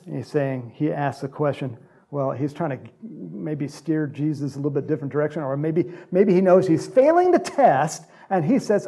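A man's voice: on the high side, lively intonation, moderate pace, dark tone. A man preaching a conversational sermon as a pastor, acting out Bible characters in little voices.

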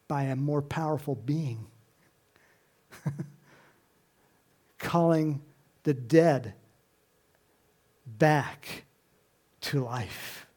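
A preacher delivering an animated sermon, swinging between hushed and loud passages. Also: medium pitch, breathy edge.

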